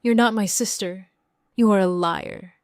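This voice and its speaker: A woman reading the lines of an angry, betrayed older sister in a plain, even voice. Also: on the low side, normal speed, no echo, studio quality, close to an everyday voice.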